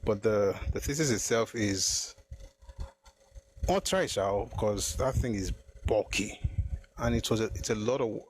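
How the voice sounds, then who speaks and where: A man's voice: fairly low pitch, unhurried, pauses often. A man hosting a live stream, thinking aloud and restarting his sentences, slipping into Yoruba phrases. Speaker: host of a live history stream. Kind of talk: casual live-stream talk.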